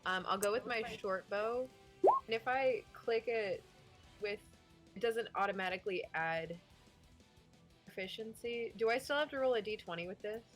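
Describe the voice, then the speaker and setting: A woman's voice: mid-range voice, moderate pace, long pauses, faint music behind. A woman playing a tabletop game, unsure and self-deprecating. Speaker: player.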